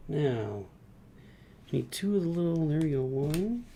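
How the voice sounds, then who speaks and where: A man's voice: medium pitch, slow pace, warm tone, a little hiss or hum. A middle-aged man streaming live, chatting casually as he builds and referring to himself in the third person. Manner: rambling, talks about himself in third person.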